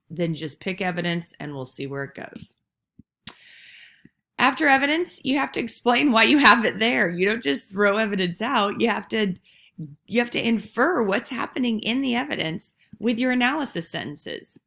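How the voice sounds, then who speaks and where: A woman's voice: mid-range voice, expressive, moderate pace, creaky, fairly bright tone. A woman teacher giving a casual, encouraging recorded lesson on essay writing, with frank asides.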